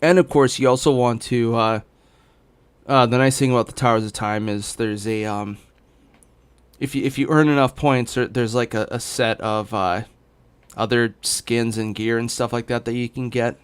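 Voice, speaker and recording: A young man streaming games from home, talking in a loose, rambling way. He is hiccuping, fills his talk with ums and restarts, and his voice stays smooth and resonant at an ordinary middle pitch. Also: steady tone, normal speed. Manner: rambling, full of fillers and restarts. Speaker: gaming streamer. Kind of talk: casual rambling chat. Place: home in Los Angeles.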